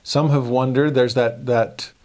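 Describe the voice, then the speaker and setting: A man giving a casual scripture lesson, animated and acting out the dialogue in quick voices. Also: mid-range voice. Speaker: scripture teacher.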